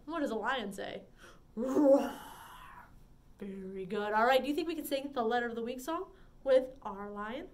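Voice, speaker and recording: A woman leading a preschool story time, singing and talking in a bright, sing-song, encouraging way. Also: a little high, normal speed. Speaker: children's librarian.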